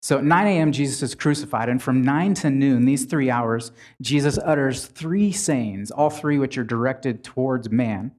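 A man's voice: medium pitch, normal speed, few pauses, a little mellow. A man preaching a sermon in a conversational way, retelling scripture with frequent restarts.

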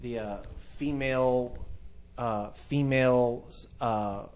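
A man's voice: medium pitch, fairly even intonation, slow, a little mellow. A man hosting a podcast, chatting crudely and casually, often trailing off and restarting mid-sentence. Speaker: podcast host.

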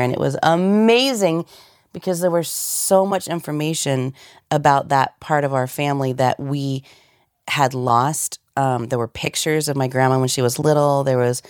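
A woman's voice: extremely low pitch, darkish tone, dry recording, clean studio sound. A woman voice actor with a cold, chatting animatedly in an interview and laughing often. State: has a cold. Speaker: voice actor guest. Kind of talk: casual interview chat.

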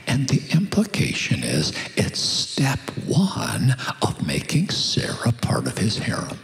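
A male preacher tells his sermon like a lively story, talking conversationally to the room. His low voice is gravelly and swings widely in pitch. Long hall reverb with faint music behind. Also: takes it slowly, in a whisper.

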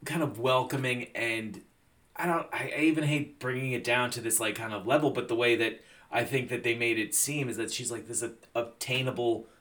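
A man's voice: mid-range voice, fairly even intonation, a little fast, a bit bright. A man, loose, swearing podcast co-host. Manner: loose, profane, jokey, acts out quotes. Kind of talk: casual chat.

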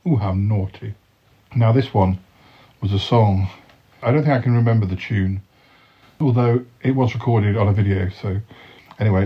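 A man's voice: on the low side, husky. A man hosting a podcast, reading his own comic poems and a short story aloud with a cheeky, playful delivery. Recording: dull lo-fi recording.

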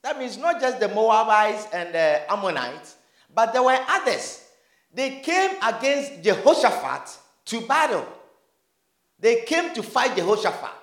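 High-voiced animated male preacher. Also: a little slow. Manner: animated, acts out dialogue, shouts and laughs. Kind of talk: sermon. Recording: roomy echo.

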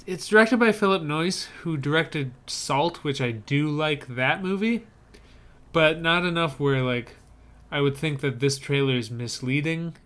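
Podcast co-host, male; bright, crisp voice; easygoing and opinionated. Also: a little high, a little slow. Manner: opinionated, easygoing, with frequent fillers. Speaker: podcast co-host reviewing movie trailers. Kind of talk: casual chat.

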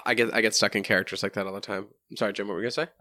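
A man's voice: lowish voice, fairly even intonation, rapid-fire, bright, forceful tone. A man from New Hampshire co-hosting a podcast, chatting loosely, swearing and laughing often. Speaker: podcast co-host. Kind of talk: casual chat.

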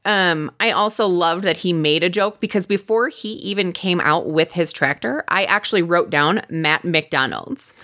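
A woman's voice: moderate pace, few pauses. A woman co-hosting a podcast, chatting casually and giggling as she recaps a dating show. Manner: chatty, giggly, animated swoops in pitch. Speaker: podcast co-host.

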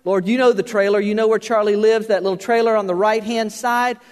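A man preaching a sermon, telling a story with lively emphasis and repeated words, then dropping soft and low to drive a point home. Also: a little fast. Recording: reverberant hall.

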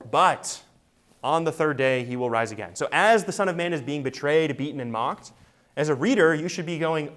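A man preaching an expository sermon, emphatic and full of rhetorical questions. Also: on the high side. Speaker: pastor.

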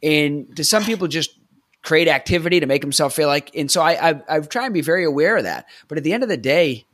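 A man's voice: fairly high pitch, lively intonation, fast, fairly bright tone, no room sound. A man hosting a podcast interview, talking in a casual, reflective way. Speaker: podcast host.

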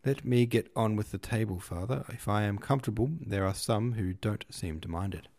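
A man voicing a brisk, sensible young daughter who teases and scolds in a practical tone in an audiobook reading. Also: fairly low pitch, a little mellow, natural voice.

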